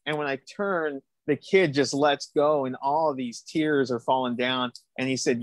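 A middle-aged man, a guest on the interview, tells a personal testimony. He speaks in an animated, quick way and acts out the people in his story. His voice is of average pitch and sounds dry, with no room echo.

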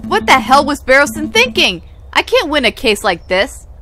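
A woman's voice: high voice, sing-song, normal speed, sharp tone, full character voice. A woman voicing a stubborn, flustered young male lawyer in a game.

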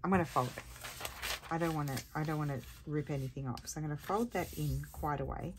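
A woman with a low, tired voice talks casually through a crafting tutorial. She rambles and thinks aloud as she works. Steady background noise runs under her voice. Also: a little fast. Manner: chatty, rambling, thinks aloud while working.

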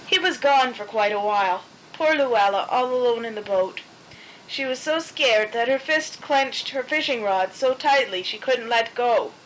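A woman reads a children's picture book aloud in a gentle, expressive way. Her voice sits high and sounds bright. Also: slight background noise, low-quality recording. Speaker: storybook narrator.

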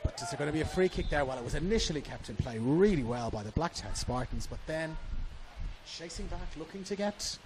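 A man's voice: a little high, expressive, fairly quick, a little hiss or hum. A man with an Australian accent giving live football match commentary from a commentary box at the ground, rising with the action.

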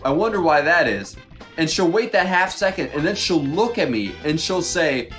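A young man co-hosting a podcast, telling a work story in a casual, animated and exasperated way. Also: fairly high pitch, moderate pace, faint music behind. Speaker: podcast co-host.

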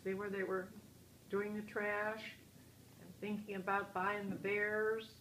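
An older woman reading a picture book aloud to children, pausing to ask them questions and point out good manners. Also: medium pitch, flat delivery. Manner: asks children questions, gently moralizing. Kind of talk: picture book read-aloud with asides to kids. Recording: roomy echo, faint hiss.

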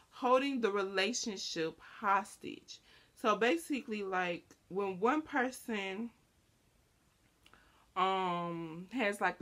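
Chatty young woman vlogging. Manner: chatty and rambling, heavy on fillers; animated, acting out quoted lines in a higher voice. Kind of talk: casual chat to camera.

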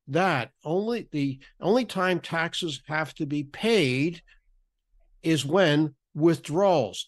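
A man on a podcast explaining retirement tax rules, often restarting and repeating words as he goes. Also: on the high side. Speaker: podcast guest, federal benefits writer.

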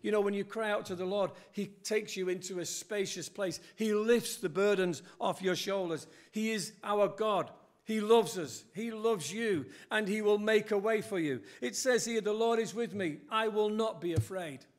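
An older man delivers an earnest sermon in a church, his voice sitting notably high. He quotes scripture and lifts his emphasis as he goes. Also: normal speed, hardly any pauses. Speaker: preacher.

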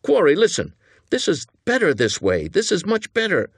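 Jittery, eager young hitman voiced by a male narrator, pitched up and animated, dry close audiobook sound. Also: no echo. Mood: nervous pleading. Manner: earnest, pleading, talking fast.

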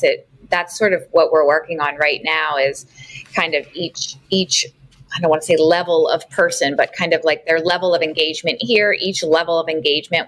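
A woman's voice: sits low, fairly bright tone, low-quality recording. A woman who leads small groups at a church, speaking as a guest in an interview, earnest and sometimes searching for words. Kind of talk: conversational interview.

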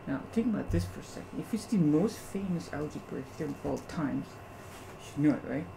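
A man teaching algebra to a class, animated, constantly asking rhetorical questions to check that students follow. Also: a little high, brisk, gravelly, background noise. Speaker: math teacher. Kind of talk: classroom lecture.

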